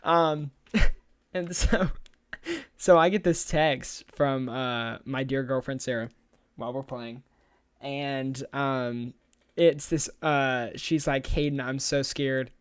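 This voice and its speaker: A young man sits close to the microphone in a dry, quiet space and tells a rambling story for the podcast. His voice is smooth and clean, in a middle register, and laughter keeps breaking into his lines. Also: medium pitch, steady tone, slow, no echo. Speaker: podcast co-host. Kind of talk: casual podcast chat.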